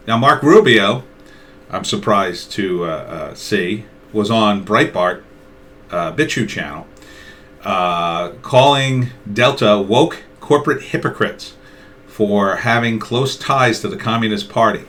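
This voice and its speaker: A man's voice: fairly low pitch, slight background noise. A middle-aged man giving a casual political opinion monologue, acting out both sides of imagined conversations. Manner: acts out both sides of imagined dialogues, animated. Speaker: political commentator.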